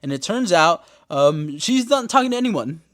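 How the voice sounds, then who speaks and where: A man hosting a casual podcast recap, joking and swearing in loose slang, sometimes breaking into loud, high-pitched exclamations. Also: big pitch swings, moderate pace. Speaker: podcast host.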